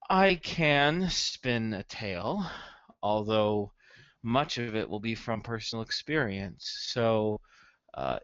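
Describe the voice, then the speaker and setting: A formal, polite male traveler, as a man puts him on, choosing each word with care. He speaks low and slowly. The recording is dry and dull. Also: a bit bright, dry recording. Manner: slow, careful and polite.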